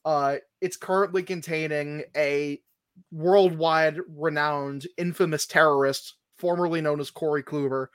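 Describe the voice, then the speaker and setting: A man's voice: fairly high pitch, steady tone, unhurried, a bit bright, no room sound. Joking man on a sports podcast. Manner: laughing, joking, profane banter. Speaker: podcast co-host. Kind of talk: casual sports podcast chat. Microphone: phone.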